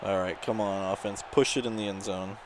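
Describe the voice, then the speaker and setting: Excitable man commentating his own gameplay. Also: on the low side, fairly quick, background noise. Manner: excitable, shouts at his players during big plays. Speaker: gaming channel host.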